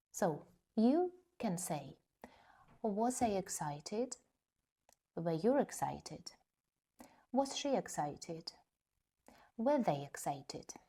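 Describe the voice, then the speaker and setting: A woman teaching an English grammar lesson, explaining slowly and carefully and reading example sentences. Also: on the low side, warm tone, husky.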